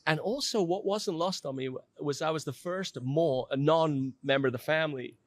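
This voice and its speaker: A man's voice: on the high side, no room sound. Candid middle-aged man, dry close mic. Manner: emotional, self-deprecating, halting with restarts. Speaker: company president telling his story as podcast guest. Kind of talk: candid conversational storytelling.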